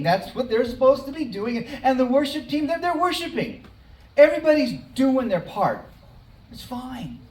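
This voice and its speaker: Pastor preaching in an echoey hall. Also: medium pitch. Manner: conversational storytelling with dramatic pauses. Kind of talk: sermon. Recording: roomy hall, mic at a distance.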